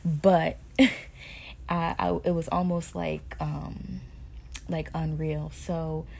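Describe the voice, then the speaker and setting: A woman hosting a podcast, telling a personal faith story to her listeners in an animated way with hushed asides. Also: low voice, very slow, gravelly. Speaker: podcast host sharing motherhood stories.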